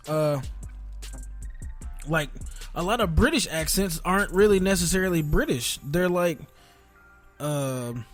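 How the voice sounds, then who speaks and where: A man with a slightly high voice chats on a podcast, telling stories and laughing often. Faint music plays underneath. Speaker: podcast co-host. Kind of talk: casual chat.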